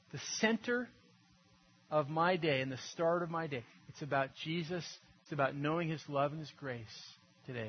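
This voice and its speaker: A man delivers a sermon in a conversational, earnest manner, his fairly high voice sinking to near-whispers before lifting into emphatic bursts. The recording sounds dull and slightly muffled, with faint noise and a steady hum underneath. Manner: earnest, conversational preaching that swings from hushed to emphatic. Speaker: pastor.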